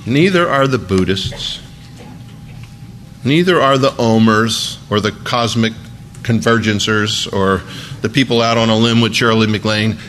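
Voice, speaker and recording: A man's voice: lowish voice, unhurried, a bit bright, slight background noise. A man preaching a sermon as a pastor, in a conversational, folksy way with emphatic asides.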